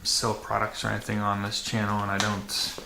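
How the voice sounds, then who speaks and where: A man's voice: lowish voice, completely flat delivery, moderate pace, gravelly. A man hosting a dirt bike vlog, talking casually to camera with many fillers and restarts in a matter-of-fact way. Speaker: channel host. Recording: echoey room with faint noise.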